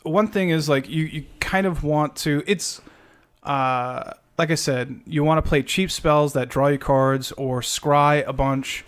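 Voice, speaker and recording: A man's voice: a little high, unhurried, clear, resonant tone. Man explaining card rules, casual podcast. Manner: explains card rules step by step, with many fillers. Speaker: podcast co-host. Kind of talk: casual chat about a card game deck.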